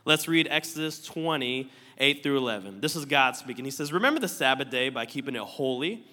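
Brisk and expressive, a man with a mid-range voice that sounds pushed and bright preaches as a pastor. He keeps things conversational and playful with joking asides to the congregation, in a church auditorium with slides captured with long hall reverb.

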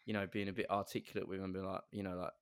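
A man's voice: low-pitched, rapid-fire, smooth, dry recording, studio quality. Man telling a rambling story. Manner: rambling, animated anecdote with quoted voices. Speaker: podcast co-host. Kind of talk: casual chat, storytelling.

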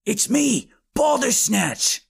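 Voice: mid-range voice, sing-song, slow, gravelly, slightly rough, exaggerated voice. A narrator voicing a giant, scheming, lovesick boy in an audiobook, blunt in tone.

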